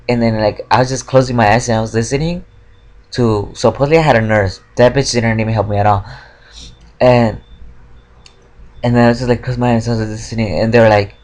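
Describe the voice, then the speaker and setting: A man's voice: medium pitch, fairly even intonation, brisk, pauses often, darkish tone. A young man telling a story in a casual vlog, rambling with many fillers and heavy swearing, frustrated. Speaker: vlogger.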